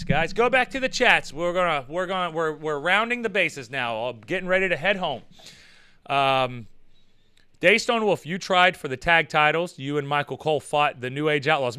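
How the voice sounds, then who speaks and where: A man's voice: fairly high pitch, sing-song, normal speed, pushed and bright, clean tone, dry recording. A man hosting a casual livestream chat, telling rambling, profane stories and reading viewer messages. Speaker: host.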